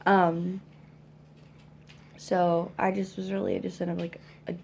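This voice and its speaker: A mother venting about her kids in a rambling, halting way, exhausted, with lots of fillers, at home. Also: fairly low pitch, little pitch movement, creaky, darkish tone, a little hiss or hum.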